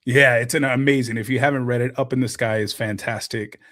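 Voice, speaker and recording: A man's voice: mid-range voice, steady tone, brisk, a bit bright, dry recording, clean studio sound. A man, a podcast guest, talking in an earnest and heartfelt way in casual conversation. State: emotional, close to tears. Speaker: podcast guest, content creator.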